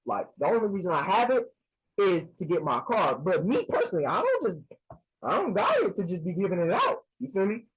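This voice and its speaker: A young man in college telling a casual storytime tale, slangy and animated, acting out both sides of a phone call. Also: high-pitched, fairly quick, a little hiss or hum. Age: young adult.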